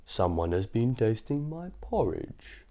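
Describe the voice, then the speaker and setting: A big, gruff papa bear who speaks slowly and heavily, weighing each word, as a man reading a children's book puts him on. The voice stays near a man's everyday register. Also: on the low side, very animated, mellow. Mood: grumpy. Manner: slow and heavy. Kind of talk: storybook read-aloud voice.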